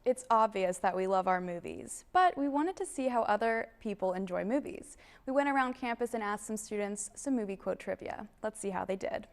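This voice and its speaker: A young woman hosting a student video show, bubbly and quick to laugh. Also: mid-range voice, lively intonation. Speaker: host. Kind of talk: scripted campus video hosting.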